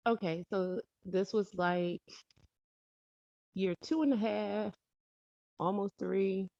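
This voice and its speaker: A woman's voice: mid-range voice, slow pace, creaky, warm tone, dry recording. A woman telling a personal story in a casual, rambling way, correcting herself and adding emphatic asides. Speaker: storytelling vlogger. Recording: dull lo-fi dry recording.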